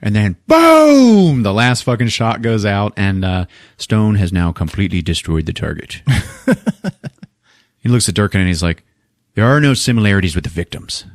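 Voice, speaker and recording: A man's voice: lowish voice, moderate pace, dry recording, studio quality. A man co-hosting a podcast, retelling a movie scene by scene in casual chat, swearing freely and acting out the characters' lines. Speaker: podcast co-host recapping a movie.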